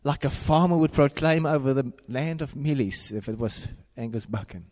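A man's voice: medium pitch, moderate pace, darkish tone, big-room sound. A man preaching a sermon, repeating declarations in a rhythmic, emphatic cadence.

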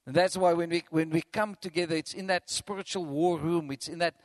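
A man preaching a sermon as pastor, animated, acting out quotes and chuckling between points. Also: a little high, fairly quick, no room sound.

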